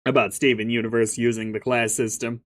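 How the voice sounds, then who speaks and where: A man's voice: medium pitch, little pitch movement, brisk, a bit bright. A man reading a webcomic aloud and reacting in a chatty, jokey way, often laughing. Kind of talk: casual reading and reaction commentary.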